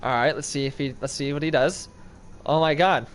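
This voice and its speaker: A man's voice: on the high side, fairly quick, a little hiss or hum. A young man giving casual gameplay commentary, pleading with and scolding an in-game character that won't go the right way. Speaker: gaming video creator.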